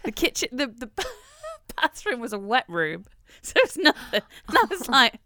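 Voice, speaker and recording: A woman's voice: high voice, huge pitch swings, normal speed, bright, forceful tone, no echo, studio quality. A young woman, co-hosting a podcast in casual chat and telling stories with lots of giggles. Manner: chatty, giggly storytelling. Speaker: podcast co-host.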